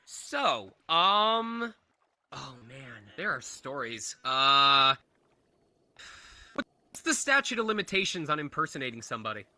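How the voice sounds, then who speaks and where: Bright-voiced chatty male voice actor. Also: medium pitch, big pitch swings, a little slow, dry recording. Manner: chatty, laughs often, jumps between voices. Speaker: voice actor guest. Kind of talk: convention Q&A answers.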